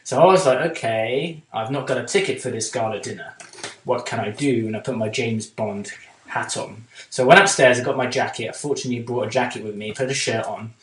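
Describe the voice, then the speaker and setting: A man chats casually as a podcast co-host, drifting through a long story with plenty of ums and false starts. His voice sits at an ordinary middle pitch. The room around him gives a noticeable echo. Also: fairly bright tone, recorded from a distance. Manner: rambling anecdotes full of fillers and restarts. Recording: roomy echo.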